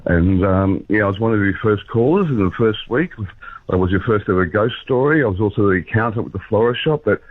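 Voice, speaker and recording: A man with an Australian accent calling in to talkback radio, halting and earnest, getting emotional as he speaks. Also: fairly low pitch, expressive, no room sound. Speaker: caller. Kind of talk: talkback call-in. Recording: muffled dry phone line.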